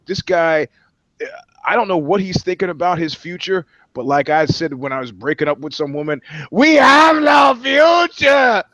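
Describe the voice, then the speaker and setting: A man's voice: on the high side, steady tone, moderate pace, no echo. Rambling, profane man riffing. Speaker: podcast co-host. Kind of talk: casual comedic chat.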